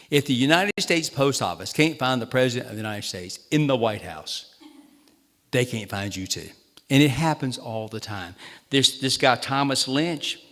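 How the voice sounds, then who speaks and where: Long hall reverb surrounds a state treasurer with a Southern accent as he tells comic stories about himself at a town hall. He has a mid-range voice with a bit of brightness.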